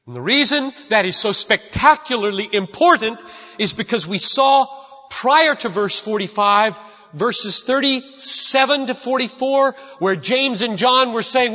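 A man's voice: sits high, animated, measured pace, sharp tone. A man preaching a sermon in a church sanctuary, emphatic and repeating key lines for stress. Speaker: pastor. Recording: dull lo-fi recording with long hall reverb.

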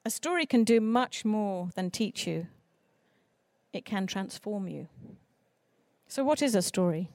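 A woman who writes children's books, giving an earnest, expressive talk on writing for children. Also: medium pitch, a little slow, long pauses, no echo. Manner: earnest, expressive speaker with mock voices for quoted people. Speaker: children's author. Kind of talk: conference talk.

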